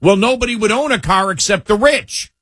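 A man's voice: sits high, animated, fairly quick, a bit bright, husky, dry recording, clean studio sound. A man hosting political talk radio, scornful and emphatic, often repeating himself as he builds a point.

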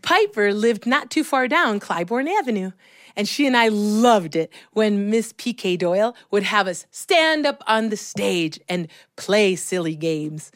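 A woman from Chicago telling a personal childhood story in an expressive, animated way. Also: medium pitch, measured pace, no echo, studio quality. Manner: expressive, animated, acts out voices.

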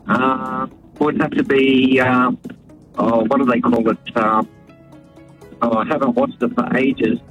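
A man's voice: mid-range voice, fairly even intonation, unhurried, long pauses, slightly rough, highs cut off, soft background music. A man putting on a slightly nasal voice as his teenage son, hesitant and filling gaps with ums. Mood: halting. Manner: hesitant, stalling with fillers.

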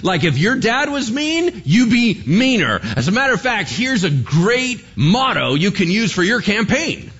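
A man preaching a sermon in a conversational, animated way, firing off rhetorical questions. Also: high-pitched, measured pace, hardly any pauses, husky, dull audio. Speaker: pastor.

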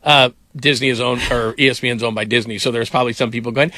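Bright-voiced rambling sports radio host. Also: male voice, medium pitch, fast, hardly any pauses. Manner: rambling storyteller, many fillers. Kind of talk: casual sports radio talk.

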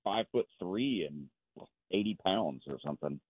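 A man calling in to a radio show, easygoing and quick to laugh. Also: low voice, expressive, slightly rough, no echo. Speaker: caller. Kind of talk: casual phone-in chat. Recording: tinny phone line.

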